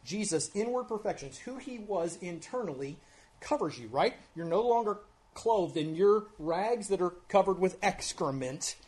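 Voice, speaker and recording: A pastor preaching an earnest expository sermon, with emphatic rises and drops in loudness and casual asides. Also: male voice, sits high, animated, normal speed. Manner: conversational asides.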